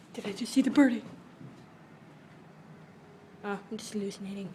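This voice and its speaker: A woman's voice: medium pitch, normal speed, warm tone, a little hiss or hum. A young woman filming inside her house, jittery and often whispering as she coaxes a bird to leave. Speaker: vlogger. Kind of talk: handheld home video narration. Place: inside a house, attic and rooms.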